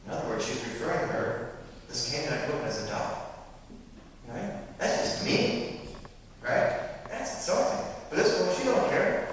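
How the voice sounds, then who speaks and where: A man's voice: on the high side, big pitch swings, normal speed, long pauses, a little hiss or hum. Male priest, chatty sermon with tag questions, long reverberant hall, faint ambience. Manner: conversational, frequent tag questions. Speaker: pastor. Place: church. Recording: echoey church hall, mic from far.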